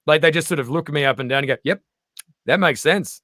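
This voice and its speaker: A middle-aged Australian man, a comedian guest in casual chat, animated and swearing freely as he acts out little voices. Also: on the high side, brisk, dry recording, clean studio sound.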